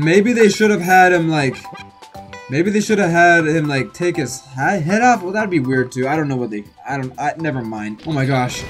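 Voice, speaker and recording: A young man giving casual, chatty gameplay commentary as host, exclaiming often. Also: fairly high pitch. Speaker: let's-play host.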